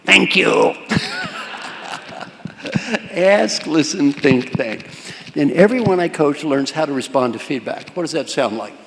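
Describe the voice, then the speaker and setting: A man's voice: a little high, lively intonation, moderate pace. An older man giving a leadership coaching talk to a live audience, with punchy, repeated instructions and questions thrown at the crowd. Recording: long hall reverb, faint room noise.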